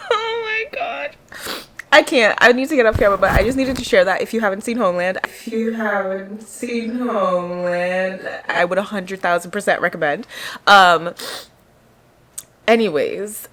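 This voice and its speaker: A woman's voice: mid-range voice, a bit bright. A young woman chatting casually to camera as a lifestyle vlogger, rambling along with lots of "like" from her couch at home. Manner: chatty and rambling, heavy use of "like". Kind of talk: casual vlog chat to camera.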